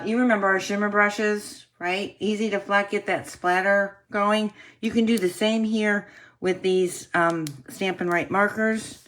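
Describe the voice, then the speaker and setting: A woman casually demonstrating card-making techniques, chatting to viewers and often clearing her throat. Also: medium pitch, a bit bright. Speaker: craft demonstrator.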